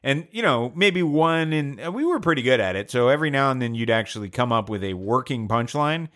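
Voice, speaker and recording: A man's voice: medium pitch, animated, brisk, a bit bright. A man hosting a podcast, telling a long joke in a casual, hesitant, rambling way. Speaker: podcast host.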